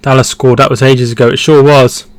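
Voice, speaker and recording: A man's voice: mid-range voice, flat delivery, brisk, no echo. A man hosting a live football watchalong, chatting casually, reading out viewer comments and reacting to the play. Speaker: football stream host.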